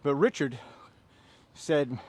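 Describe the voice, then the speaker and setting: A fitness instructor in his fifties leads a workout class, speaking slowly in a fairly high voice. He chats and jokes between sets and counts out reps in loud bursts.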